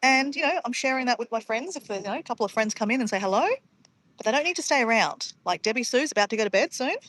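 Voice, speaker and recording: Out by a pond, an Australian woman talks fast and animatedly to her livestream audience, addressing them as guys and wandering off on tangents. Her voice is fairly high and fairly bright.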